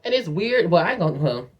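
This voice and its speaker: A woman with a lower-pitched, very lively voice spins a personal story for her viewers. She's chatty and profane and keeps calling her listeners "girl". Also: normal speed, lo-fi sound. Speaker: vlogger telling a personal story. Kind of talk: casual storytime monologue.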